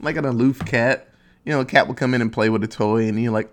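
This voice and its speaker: A young man hosting a casual solo podcast, rambling and swearing, joking at his own expense and dropping into quick silly voices. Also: mid-range voice, steady tone. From Ohio, USA. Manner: rambling, profane, self-mocking, acts out quick silly voices. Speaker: podcast host.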